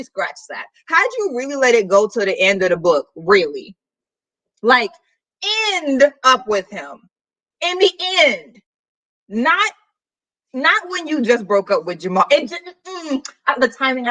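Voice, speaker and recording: Woman, book vlogger, casual slangy chat, lively swooping pitch, bright tone. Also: rough recording. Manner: animated, chatty, slangy. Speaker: book vlogger hosting a reading sprint.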